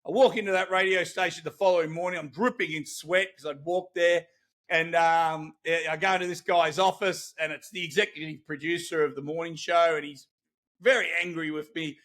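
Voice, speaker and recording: Lively, bright Australian man. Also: fairly high pitch, a little fast. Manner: animated, loose and profane. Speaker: podcast guest. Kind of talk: casual storytelling.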